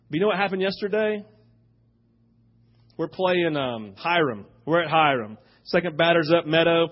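Pastor guy preaching, fairly high voice, jumps loud to quiet, kinda muffled lo-fi church audio. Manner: animated storytelling, swings from loud to hushed. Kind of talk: sermon.

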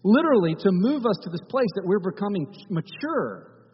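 A man's voice: high voice, sing-song, moderate pace, in a large hall, muffled recording, a little hiss or hum. A male pastor giving a conversational sermon in a church, often restarting his phrases.

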